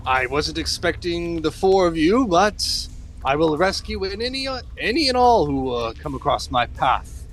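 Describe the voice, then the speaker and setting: A man's voice: fairly high pitch, very animated, moderate pace, a little hiss or hum, pitched above the performer's own voice. A self-adoring male rescuer with a raised, theatrical voice, as a man puts him on. He talks in grand formal phrases and boasts of his own skill. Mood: grandiose. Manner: lofty formal speech.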